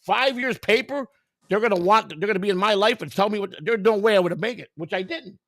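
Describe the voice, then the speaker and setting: A man's voice: high-pitched, fairly quick, a bit bright, no room sound, studio quality. An older man candidly telling his life story in conversation, blunt and profane, rambling with restarts and quoted dialogue. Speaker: guest.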